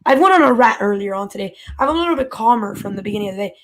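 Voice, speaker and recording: A man's voice: high voice, lively intonation, very fast, fairly bright tone, slight background noise. A man calling in to a fan show, ranting in an exasperated way, his voice jumping up when he gets worked up. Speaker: caller.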